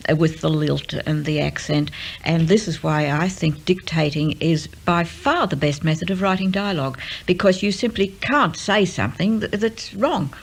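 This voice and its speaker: An older woman, a radio serial writer, talking in an unhurried way with frequent ums and uhs. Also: deep voice, creaky, rough recording. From Australia. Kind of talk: relaxed interview and dictation.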